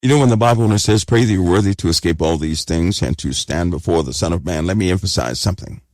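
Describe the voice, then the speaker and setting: A man's voice: deep voice, quick pace, darkish tone, dry recording, studio quality. A man preaching an urgent sermon, exhorting listeners and repeating phrases for emphasis.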